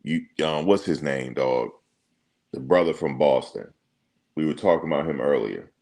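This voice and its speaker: Very deep gravelly-voiced man chatting. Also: moderate pace. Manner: relaxed slangy banter, thinks aloud with ums. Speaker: reaction streamer. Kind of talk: casual chat reading viewer comments.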